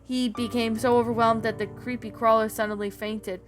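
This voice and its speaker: Woman, storybook narration, fairly high voice, steady reading, music underneath. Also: a little fast. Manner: plain, steady reading with small slips. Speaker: story reader. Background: background music.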